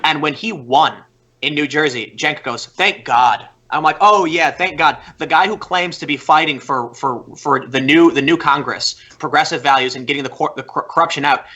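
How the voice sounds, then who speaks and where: A young man who is a podcast guest, telling a story in casual chat. He talks in an animated way, with many fillers and restarts. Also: fairly high pitch, fairly quick.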